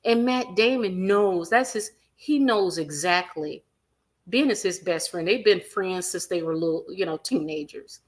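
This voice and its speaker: A woman hosting a celebrity gossip livestream, animated and emphatic, repeating her points and reading viewer comments aloud. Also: on the low side, measured pace. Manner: animated, acts out quotes in other voices, reads viewer comments aloud; emphatic repetition.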